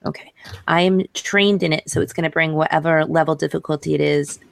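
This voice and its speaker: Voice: mid-range voice, fairly even intonation, fairly quick, vocal fry, no room sound. A player in a tabletop game, talking hesitantly through rolls and actions. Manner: hesitant, rules-focused talk.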